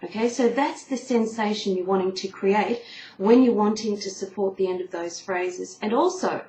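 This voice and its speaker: A woman's voice: mid-range voice, normal speed, warm tone. A woman giving a singing lesson on camera, explaining breathing patiently and showing the sounds herself. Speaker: singing teacher. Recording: echoey room with faint noise.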